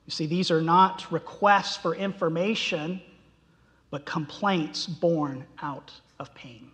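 Man preaching slow and impassioned, voice jumps up on the quoted cries, long hall reverb. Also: on the high side, fairly even intonation, a bit bright. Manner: impassioned, rises sharply when voicing quoted cries. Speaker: pastor. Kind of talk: sermon.

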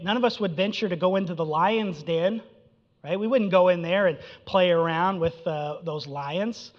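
Preacher with conversational "right?" asides. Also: male voice, high voice, moderate pace. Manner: conversational, frequent "right?" and "okay?" check-ins. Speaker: pastor. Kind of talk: sermon. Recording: dull sound with long reverb in a hall.

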